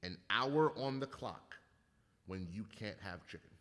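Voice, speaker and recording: A man in casual comedic chat, telling animated, profane stories with acted-out quotes. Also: lowish voice, measured pace. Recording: long hall reverb.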